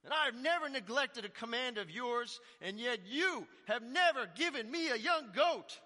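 A man's voice: mid-range voice, takes it slowly, bright, forceful tone, pitched below the performer's own voice, full character voice. A man voicing a resentful, indignant older brother who raises his voice in complaint, in an echoey hall. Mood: angry.

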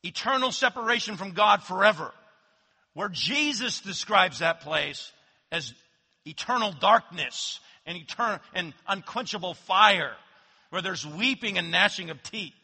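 A man preaching a sermon as pastor, swinging from loud emphatic declarations to hushed low asides. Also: animated, unhurried, slightly rough. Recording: long hall reverb.

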